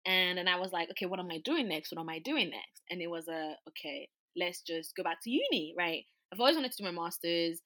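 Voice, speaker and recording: A young woman tells a story from her own life in an easygoing, animated way. Her voice is bright and sharp-edged, and she keeps the talk rolling with casual fillers. She sounds relaxed and conversational throughout. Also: fairly low pitch, a little fast, few pauses. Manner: animated, chatty, lots of "like" and "you know".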